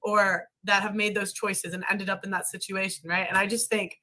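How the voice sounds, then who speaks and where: A woman's voice: medium pitch, flat delivery, bright, forceful tone. A woman guest on a live call, speaking candidly with lots of fillers and restarts. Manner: candid, halting, filler-heavy. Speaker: content creator guest. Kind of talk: casual interview talk.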